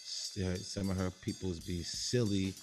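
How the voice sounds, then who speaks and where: A man co-hosting a podcast in casual banter, boisterous and joking, often loud. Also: deep voice, steady tone, unhurried, music in the background. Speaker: podcast co-host.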